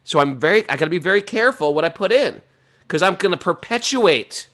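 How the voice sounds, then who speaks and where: A middle-aged man talking in a casual, animated way about spiritual life, laughing often as he tells stories. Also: high-pitched, fairly quick. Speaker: podcast host.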